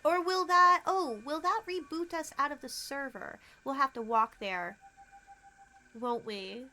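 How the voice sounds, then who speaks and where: A woman streaming a game, chatting casually with her viewers, giggling often and quick to get excited. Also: sits high. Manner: bubbly, giggly, talks to chat. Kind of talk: casual gameplay livestream chat.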